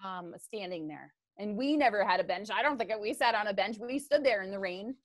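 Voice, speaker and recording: A woman's voice: mid-range voice, animated, fairly quick, no room sound. A woman golfer being interviewed on a podcast, talking in a chatty way with lots of fillers. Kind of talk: casual interview talk.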